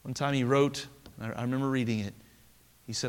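A man preaching a sermon to a congregation in a church, telling a story earnestly and dropping to a soft voice for emphasis. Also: mid-range voice, steady tone, quick pace, long pauses. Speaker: pastor. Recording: long hall reverb.

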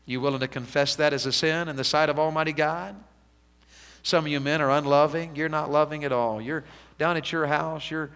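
Preacher with a high, bright voice. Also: male voice, long reverb tail. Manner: swings from hushed, slow pleading to loud, high-pitched exhortation. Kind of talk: revival sermon. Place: church sanctuary.

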